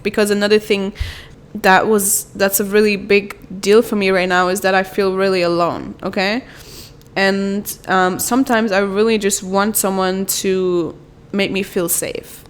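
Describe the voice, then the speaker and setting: Soft-spoken young woman vlogging. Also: mid-range voice, clean tone. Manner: soft, rambling and confessional, with many fillers. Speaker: vlogger, mother. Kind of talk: personal self-help vlog.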